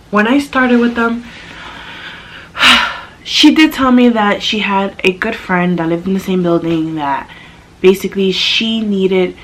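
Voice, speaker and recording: A sassy young woman chats to the camera about a rough babysitting job, animated and full of attitude. Her voice sits at an ordinary middle pitch and jumps up high when she quotes people. A faint hiss of noise runs under her voice. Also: takes it slowly, long pauses, rough recording. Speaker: vlogger. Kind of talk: casual storytime chat.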